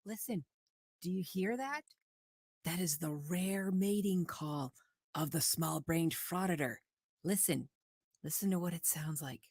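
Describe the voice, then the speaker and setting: A woman's voice: on the low side, unhurried, a little mellow, slightly rough, no echo, clean studio sound. A woman narrating in a wry mock nature-documentary style, with sportscaster-like asides.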